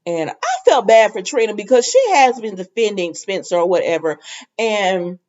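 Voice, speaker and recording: A chatty woman recaps a daytime soap in a casual, laughing way, her voice swinging up and down with lively pitch. She keeps slipping into the characters' lines as she retells the scenes. The sound is dull and lo-fi. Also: normal speed. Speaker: soap opera recap host.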